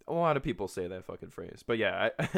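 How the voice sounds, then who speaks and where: Podcast host, man in his twenties, low voice, loose and profane monologue with frequent laughs. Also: sing-song, fairly quick, gravelly, a bit bright. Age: 20s. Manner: rambling, profane, laughs often.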